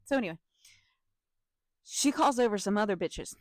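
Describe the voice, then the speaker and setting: A young woman tells a storytime in an animated, profane way, breaking off with laughs and asides to her viewers. Her voice sits at a middle pitch for a woman. The sound is close and dry, with no room echo. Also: normal speed. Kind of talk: casual storytime vlog.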